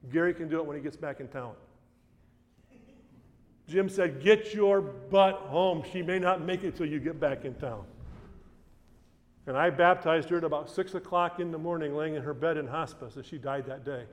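Pastor telling a story in a reverberant church. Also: male voice, a little high. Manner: conversational storytelling, often restarts phrases. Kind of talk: sermon with a personal story.

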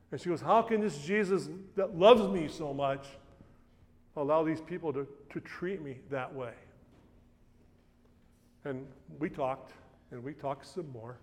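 A middle-aged pastor preaching, his voice sitting a little high for a man. He tells the story conversationally and often restarts his phrases. The long reverb of a church hall trails after each line. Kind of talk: sermon with a personal story.

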